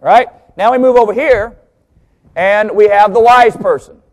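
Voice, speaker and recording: A man preaching a sermon, joking with the congregation, slowing down and stressing key words as he teaches. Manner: lively, joking, pitch swings for emphasis. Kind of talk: sermon with jokes.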